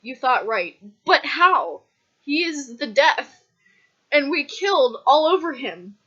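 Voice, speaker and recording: A woman voicing a bossy, excitable teenage schoolgirl who shrieks her lines, on a dull lo-fi recording. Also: on the high side, quick pace. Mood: excited. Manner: loud, shrieking outbursts.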